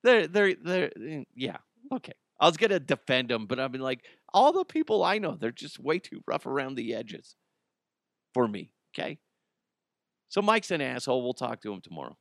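A man's voice: medium pitch, sing-song, moderate pace, gravelly, no echo, clean studio sound. A man hosting his own podcast alone, rambling and joking and laughing at his own stories. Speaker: podcast host. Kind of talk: casual solo podcast monologue.

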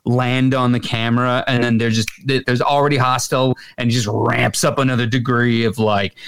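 A man guesting on a podcast in casual chat, animated and analytical. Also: medium pitch, creaky, smooth. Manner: animated, analytical, quick to act out quotes.

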